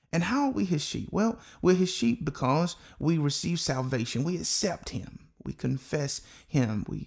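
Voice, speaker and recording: A man's voice: medium pitch, creaky, a little mellow. A man preaching a sermon as pastor, earnest and repeating key phrases for emphasis.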